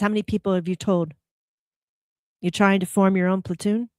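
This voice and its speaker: A woman's voice: on the low side, fairly even intonation, normal speed, pauses often, darkish tone, no echo, clean studio sound. A woman hosting a spiritual motivational talk, probing her listeners with rhetorical questions. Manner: acts out quoted complaints in a heated voice. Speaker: host.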